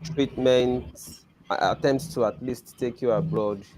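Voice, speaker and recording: A man interviewing a guest, asking measured questions. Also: mid-range voice, a little mellow, poor audio.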